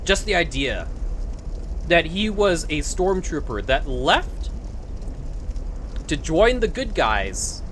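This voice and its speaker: A young adult streamer ranting casually while playing a video game, swearing freely and breaking into loud bursts of laughter. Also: medium pitch, very animated, slow, long pauses, slight background noise. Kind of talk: casual rant while gaming.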